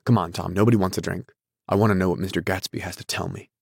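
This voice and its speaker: A man's voice: sits low, fairly even intonation, fast talker, gravelly, slightly rough, dry recording, clean studio sound, heavily acted. A man voicing an arrogant wealthy husband who speaks in an incredulous, insulting, snapping way. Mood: scornful.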